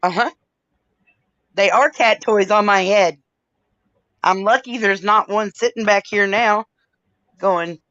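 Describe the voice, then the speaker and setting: A woman's voice: mid-range voice, takes it slowly, pauses often, fairly bright tone, dry recording. A plain-spoken woman chats casually on a livestream, swearing without a second thought and laughing often. Her voice comes through a dull, dry, lo-fi stream mic. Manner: blunt, profane, laughs easily. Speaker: livestream host.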